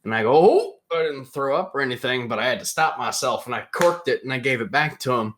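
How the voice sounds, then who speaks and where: An animated young man hosts a casual podcast and tells a rambling story, jumping into loud put-on voices for the people he quotes. His pitch sits mid-range but swings widely as he acts out each exchange. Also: fast talker. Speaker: podcast host.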